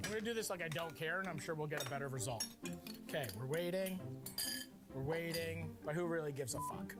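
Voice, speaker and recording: A man hosting a cooking show, playful and excitable, cracking crude jokes as he cooks. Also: a little high, brisk, over music. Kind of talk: energetic cooking demonstration.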